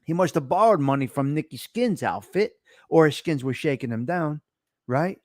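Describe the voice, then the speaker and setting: A man's voice: fairly high pitch, expressive, normal speed, a little mellow, no echo. A middle-aged man hosting a casual chat, telling stories in a blunt, profane, tough-guy way. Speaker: show host.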